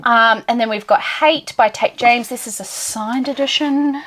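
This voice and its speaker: A young woman casually chatting through a tour of her bookshelves, gushing and dropping into soft whispered asides. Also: a little high, unhurried, slight background noise. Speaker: book vlogger.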